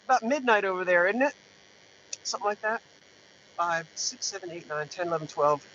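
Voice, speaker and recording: A man's voice: high-pitched, lively intonation, brisk, pushed and bright. A man hosting a rambling live-stream chat from inside his parked truck, talking to viewers through a mounted camera in a jokey, self-interrupting way. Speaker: live-stream host, antiques seller. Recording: dull lo-fi sound with faint hum.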